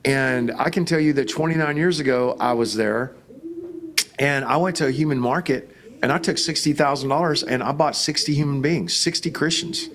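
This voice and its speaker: This middle-aged man, a pastor, speaks at a moderate pace in a fairly high voice. During an interview he relates stories with animation, performing the quoted voices himself.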